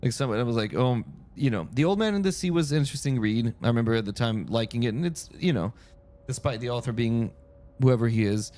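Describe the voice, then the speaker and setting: A man's voice: medium pitch, animated, fast, darkish tone. Rambling male game streamer. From France. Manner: rambling, self-interrupting storyteller. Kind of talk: casual chat while playing.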